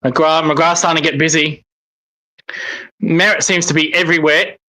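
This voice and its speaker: A man commenting live on a football match as a fan, excitable and swearing when frustrated. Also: a little high, moderate pace, poor audio. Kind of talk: live watch-along commentary.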